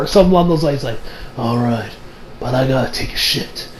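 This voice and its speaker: A man's voice: medium pitch, fairly quick, crowd noise, rough recording. A young man casually recapping an anime episode, rambling with lots of fillers and laughs. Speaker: anime reviewer.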